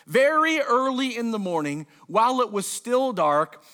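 A pastor with a notably high voice preaches a sermon, reading scripture passages and then breaking into loose, conversational asides where he acts out lines in quick put-on voices. His delivery is pushed and bright, with big pitch swings.

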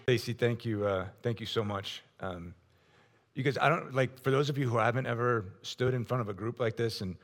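A man hosting a gathering, thanking a speaker and introducing the next in an appreciative, slightly halting way. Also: medium pitch, slight background noise. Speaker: host of the gathering.

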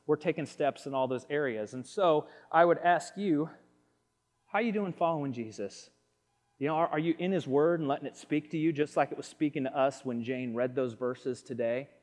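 Pastor preaching in a reverberant hall. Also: male voice, medium pitch, darkish tone. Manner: conversational, storytelling with many restarts. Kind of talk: sermon. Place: church sanctuary. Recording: long reverb of a large hall.

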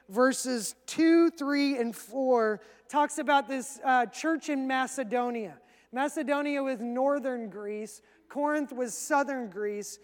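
A male pastor preaching a sermon in a conversational way, acting out quick asides. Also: very high-pitched, in a large hall.

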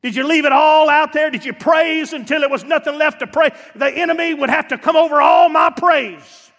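A man pastor preaching a sermon, dropping to low asides and rising to shouts, acting out church members. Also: moderate pace. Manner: acts out church members in quoted voices. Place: church sanctuary. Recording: long hall reverb.

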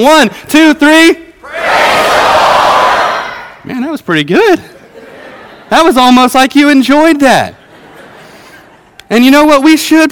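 Earnest thirtysomething man preaching in a conversational way, high-pitched and resonant, in a reverberant sanctuary. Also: a bit bright, clear, resonant tone. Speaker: pastor. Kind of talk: sermon. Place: church worship center. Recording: long reverb of a worship hall.

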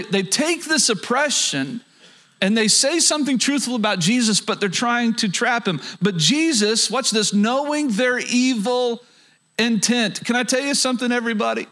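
High-voiced male pastor preaching. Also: lively intonation, a little slow, pushed and bright. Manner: earnest, asks the audience rhetorical questions; frequent stammered restarts. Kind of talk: sermon.

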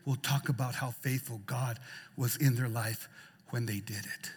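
A male pastor preaching a sermon in a church, repeating phrases and swinging between loud, stirring lines and soft ones. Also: medium pitch, fairly even intonation, moderate pace, breathy edge. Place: church sanctuary. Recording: church hall reverb.

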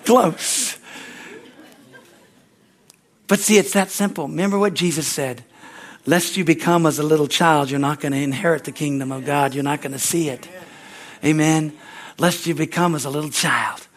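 A man's voice: fairly high pitch, fairly quick. A man preaching a fervent sermon at a church service, punctuating his lines with hallelujahs and amens. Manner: shouts excitedly when acting out a story. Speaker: pastor.

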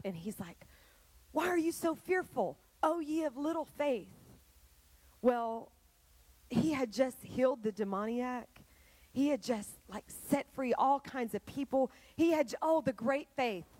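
A woman preaches with lively, storytelling energy and talks right to her listeners. Her voice sits in a middle register and sounds close and dry, with no room echo. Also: mid-range voice. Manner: animated storytelling, addressing the congregation directly. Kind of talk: sermon.

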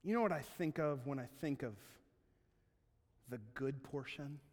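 A man's voice: mid-range voice, unhurried. A male pastor giving a sermon in a conversational, humorous way, often checking in with his listeners through tag questions. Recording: long hall reverb.

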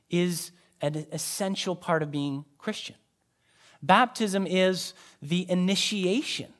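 A man, a pastor, preaching a sermon in a conversational way, with emphatic rises and quiet drops. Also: high-pitched.

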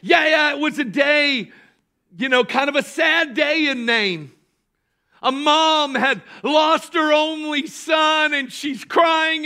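High bright-voiced man preaching. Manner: emphatic preaching, bursts of shouting; calls on the congregation to respond. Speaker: pastor. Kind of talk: sermon.

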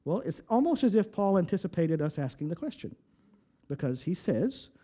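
High-voiced man preaching a sermon. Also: very animated, normal speed, warm tone, slightly rough. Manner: emphatic, repetitive, rhetorical questions, stammering restarts. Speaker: pastor.

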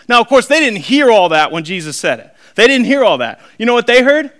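A pastor preaching a sermon, animated, acting out quoted voices and swinging between shouting and quiet asides. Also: male voice, high-pitched, quick pace, few pauses.

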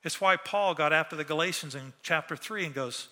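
A man preaching a sermon, animated, acting out the voices he quotes. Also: on the high side, fairly quick. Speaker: pastor. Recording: long hall reverb.

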